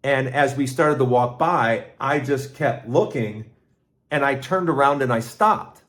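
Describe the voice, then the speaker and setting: A middle-aged man hosting his own podcast, telling a personal story in a rambling, casual way with restarts and lively asides. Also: mid-range voice, unhurried. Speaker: podcast host.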